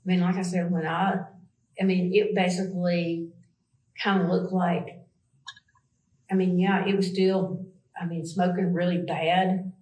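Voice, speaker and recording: A woman's voice: on the low side, level tone, unhurried, long pauses, darkish tone, roomy sound, low-quality recording. A woman with a Southern US accent, answering questions in a police interview, rambling and hesitant with many fillers.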